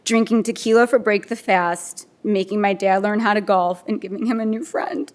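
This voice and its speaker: Fond woman reading a eulogy. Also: mid-range voice. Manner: warm, fond, reflective. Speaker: daughter-in-law giving a eulogy. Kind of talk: read eulogy.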